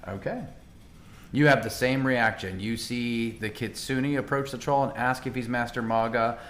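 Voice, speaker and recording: A man narrating as game master of a tabletop game, animated and chatty, often laughing. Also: mid-range voice, moderate pace, a little hiss or hum.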